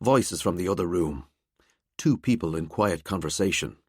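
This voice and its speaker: A man narrating a mystery thriller audiobook in a quiet, measured way. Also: sits low, expressive, husky, no room sound, clean studio sound. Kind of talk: scripted narration.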